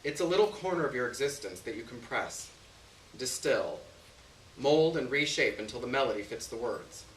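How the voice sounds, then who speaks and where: A man reading a story aloud on stage in an expressive first-person narration. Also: medium pitch, normal speed. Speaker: story reader. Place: stage venue. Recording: roomy, distant, faint hiss.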